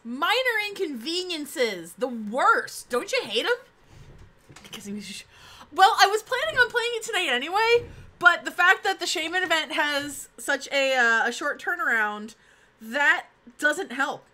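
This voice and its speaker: A young woman streaming live, chatting casually with her viewers and breaking into excited exclamations. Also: high voice, unhurried. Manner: bubbly, chatty, exclaims often. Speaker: Twitch streamer.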